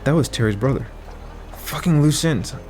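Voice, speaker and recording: A man's voice: medium pitch, animated, normal speed, darkish tone, faint music behind, close to an everyday voice. A man voicing a fierce, hot-tempered woman enforcer who speaks with an intense growl in an audiobook. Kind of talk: audiobook character voice.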